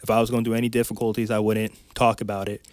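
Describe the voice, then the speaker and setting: A man speaking as a podcast guest and life coach, telling a personal story in a candid, emotional way, with quick restarts. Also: lowish voice, flat delivery, darkish tone, no echo.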